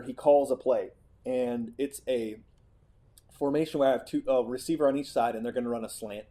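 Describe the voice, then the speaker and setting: A middle-aged man hosting a podcast, telling a personal story as a monologue and acting out the quoted lines with energy. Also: medium pitch. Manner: animated storyteller who acts out quotes. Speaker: podcast host.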